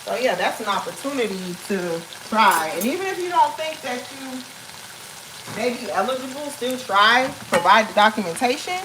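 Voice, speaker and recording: A woman's voice: on the high side, expressive, moderate pace, noisy background. A woman hosting a casual cooking live stream, joking and chatting playfully with her viewers as she cooks. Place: home kitchen. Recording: frying sizzle in kitchen.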